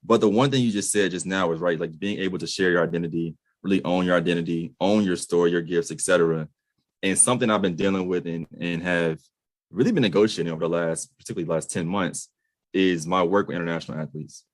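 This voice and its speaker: A man's voice: low-pitched, steady tone, fast, dry recording. A man in his late twenties from the United States hosting a podcast interview, earnest and emphatic, casual with slang. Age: late 20s. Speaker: podcast host.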